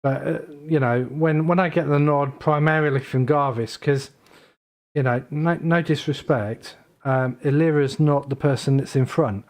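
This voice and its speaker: A man's voice: on the high side, normal speed, darkish tone. A man taking part as a player in a tabletop role-playing game. He thinks aloud, hesitating and restarting. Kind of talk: tabletop role-play chat.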